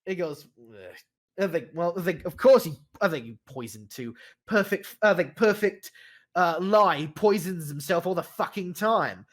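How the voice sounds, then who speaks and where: A man's voice: high voice, lively intonation, moderate pace. A man narrating a tabletop role-playing game as game master, rambling with many fillers and restarts.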